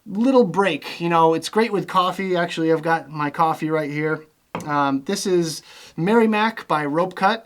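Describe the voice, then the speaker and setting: A young man chatting casually in a vlog, relaxed and rambling with lots of fillers as he talks through his gear. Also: fairly high pitch. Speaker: vlogger reviewing vape gear.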